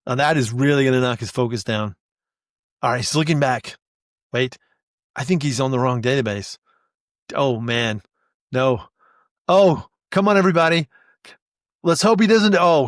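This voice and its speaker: A man playing a male sports commentator calling the action in a comic sketch, shifting from hushed suspense to rising excitement. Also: mid-range voice, moderate pace, long pauses, no room sound, clean studio sound, natural voice.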